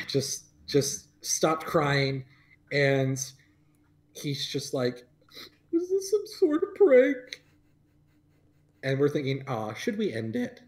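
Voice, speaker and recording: A young man telling a story in a casual livestream chat. His voice sits a little high, and he rambles through it with many fillers and "like"s, often laughing mid-sentence. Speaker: podcast host.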